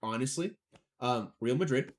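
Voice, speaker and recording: A man's voice: medium pitch, expressive, normal speed. A young man co-hosting a casual sports podcast, rambling and joking about his own pronunciation. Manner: chatty, rambling, self-deprecating about pronunciation. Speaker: podcast co-host.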